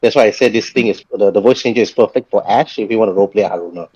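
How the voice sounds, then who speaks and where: A man's voice: lowish voice, very fast, a little mellow, husky, no echo. A man running an online tabletop game as game master, narrating loosely with many restarts. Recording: dull lo-fi mic.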